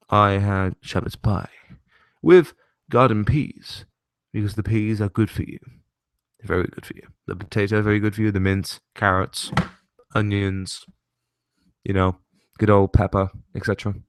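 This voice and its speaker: A young man rambles through a casual chat show, swearing freely and breaking into laughter. His voice sits fairly low, and the sound is dry with no room echo. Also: clear, resonant tone. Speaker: host.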